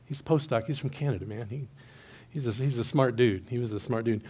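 A middle-aged man preaching a sermon, telling a personal story and swinging between hushed, quiet stretches and loud, excited bursts. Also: medium pitch, brisk, husky. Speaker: pastor.

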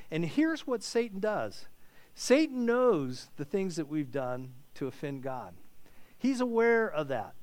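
Male preacher, higher voice, very lively pitch, earnest sermon delivery. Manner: earnest, animated, repeats words while searching.

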